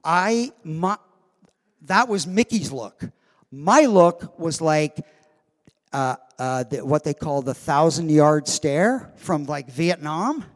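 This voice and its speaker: A man telling an anecdote to a live convention audience as guest of honor, acting out the quoted lines with animated delivery. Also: fairly high pitch, slow. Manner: animated storyteller who acts out quoted lines. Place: convention hall. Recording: long reverb of a large hall.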